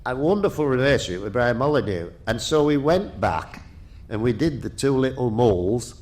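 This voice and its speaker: An older man, a guest telling lively stories, laughing often and restarting his sentences. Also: medium pitch, normal speed. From Yorkshire. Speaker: guest, retired rally driver. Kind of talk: casual anecdotal storytelling.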